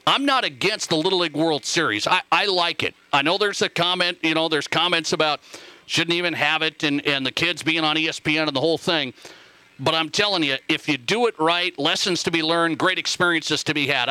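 Male sports talk host from Montana, higher voice, very bright and forceful, dry close studio sound, emphatic and repetitive. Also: no room sound. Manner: emphatic, repeats phrases, reads listener texts aloud. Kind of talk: casual call-in radio talk.

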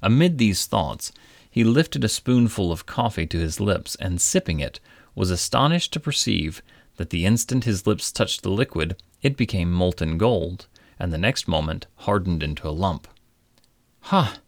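Man, storybook narrator, low voice, measured, wry, dry close sound. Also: expressive, creaky, no room sound. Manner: measured, old-fashioned, gently wry.

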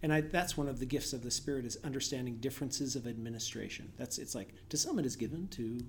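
A man in casual conversation, enthusiastic and quick to laugh, telling lively stories. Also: medium pitch, a little hiss or hum. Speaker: guest.

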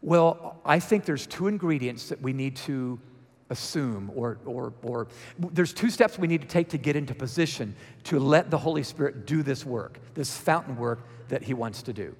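A man's voice: mid-range voice, moderate pace. Man, Georgia accent, conversational sermon, reverberant sanctuary. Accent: Southern US (Georgia). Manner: lively, asks the congregation questions. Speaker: guest preacher. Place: church sanctuary.

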